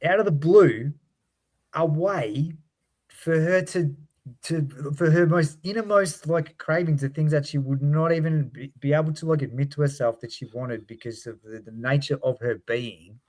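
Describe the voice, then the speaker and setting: Man, emphatic excited chat, lightly raised pitch. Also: normal speed. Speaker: podcast co-host. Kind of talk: casual book discussion.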